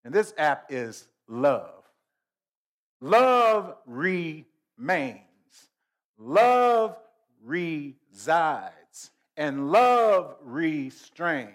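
Male preacher, slightly high voice, deliberate slow delivery, repeats phrases for emphasis. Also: very animated. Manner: slow emphatic preaching with repetition and sudden loud rises. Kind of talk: sermon.

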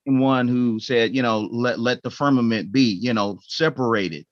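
A man's voice: mid-range voice, normal speed, no room sound. A man in a Bible study group, building his point with preacherly emphasis. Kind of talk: conversational Bible study discussion. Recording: dry, dull lo-fi audio.

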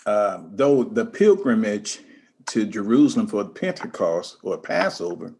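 A man taking part in a Bible study discussion, speaking haltingly with many fillers and light chuckles. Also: on the low side, big pitch swings, darkish tone.

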